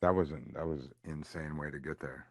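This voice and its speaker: A man's voice: extremely low pitch, fairly even intonation, moderate pace, no echo. A man on a livestream panel, casually chiming in with easygoing agreement over a call. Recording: dull lo-fi call audio.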